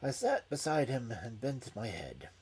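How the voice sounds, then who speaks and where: A man reading a story aloud in an expressive, dramatic way. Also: mid-range voice, a little slow, husky.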